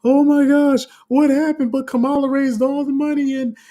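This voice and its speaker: A man mockingly voicing a distraught, panicky voter in a shrill falsetto wail. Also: flat delivery, moderate pace, dark tone. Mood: mock despair.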